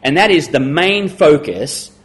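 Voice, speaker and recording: A middle-aged male pastor preaching a sermon, emphatic, slowing and dropping to a hush on key words. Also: fairly high pitch, animated.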